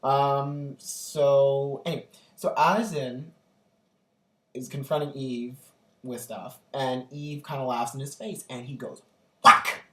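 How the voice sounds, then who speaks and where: A man's voice: mid-range voice, slow. A young man recounts his day in an eager, gushing way, piling on fillers as he goes. His voice sounds roomy and echoing. He seems to be sitting some way back from the camera mic. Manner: gushing, animated storytelling with many fillers. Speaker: vlogger. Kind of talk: casual storytelling vlog. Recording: echoey room, distant from the mic.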